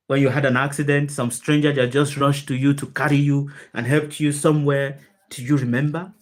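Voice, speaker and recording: A woman's voice: low-pitched, a little mellow. A woman giving a spiritual talk to an online group over a video call, emphatic, often asking her listeners questions and repeating key phrases. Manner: emphatic, asks the listeners many rhetorical questions. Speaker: spiritual teacher.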